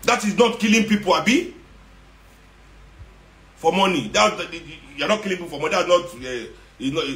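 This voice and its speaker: A high-voiced Nigerian man rants with sarcasm and rising indignation, slipping into Pidgin as he goes. His voice rings around an echoey room. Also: fairly bright tone. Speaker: social media commentator. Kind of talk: impassioned monologue.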